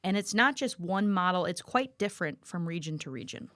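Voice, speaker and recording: A woman with a lowish voice walks through a history review in a playful, chatty way. The recording is close and dry. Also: animated, brisk, fairly bright tone, dry recording. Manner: playful, explanatory. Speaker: teacher and podcast co-host. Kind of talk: casual history review chat.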